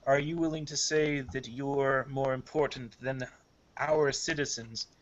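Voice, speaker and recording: A man's voice: medium pitch, steady tone, measured pace, lightly acted. A man voicing a stern, commanding female priestess leader, with dull lo-fi audio. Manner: firm, authoritative pleading.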